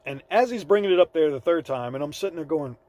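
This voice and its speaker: A man with a slightly higher voice tells a story in a relaxed, rambling way, full of fillers and quoted dialogue. The sound is dry and close, with little room echo. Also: quick pace. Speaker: vlogger. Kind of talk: casual storytelling to camera. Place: by his van on the side of the road.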